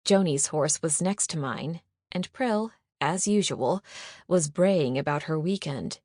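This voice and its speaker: A woman narrating a first-person audiobook in a measured, even storytelling manner. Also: deep voice, no echo, studio quality.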